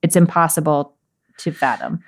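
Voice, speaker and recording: A woman's voice: low voice, normal speed. A woman co-hosting a podcast, reading a Bible passage and musing through it in casual talk, laughing easily. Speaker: podcast co-host.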